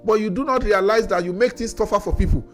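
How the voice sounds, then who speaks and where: A man's voice: sits high, quick pace, soft background music. A Nigerian man with a Nigerian English accent giving an opinion monologue, grilling an official with rhetorical questions and stumbling over repeated words. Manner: critical, addressing an official directly with rhetorical questions; repeats words when worked up. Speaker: commentator.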